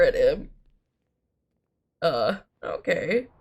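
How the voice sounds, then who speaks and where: A woman's voice: fairly low pitch, unhurried, a bit bright. Chatty sick woman streamer. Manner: chatty, laughs often. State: sick with a sore throat. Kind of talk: casual gaming stream commentary.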